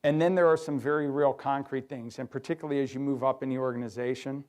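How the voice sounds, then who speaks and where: A middle-aged man giving a lively workshop talk to an audience, acting out quoted voices. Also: medium pitch, fast, hardly any pauses. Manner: animated, acts out quoted voices. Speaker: workshop speaker. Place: hotel conference room.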